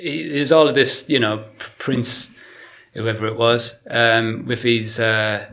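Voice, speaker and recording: A middle-aged man from England talks in a loose, animated way, often breaking into laughter. His voice is bright and forward, at an ordinary pitch. He sounds like a podcast guest chatting casually. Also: slow pace. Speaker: guest artist. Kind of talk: casual chat.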